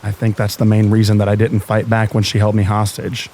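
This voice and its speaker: Male narrator, lower voice, calm and even, scary bedtime stories, soft rain hiss underneath. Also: a little fast.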